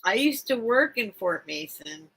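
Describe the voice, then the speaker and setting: A woman's voice: medium pitch, sing-song, measured pace, gravelly, fairly bright tone, breathy edge. A woman hosting a live stream, chatting casually and emotionally with viewers, rambling and repeating herself. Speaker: live-stream seller and host.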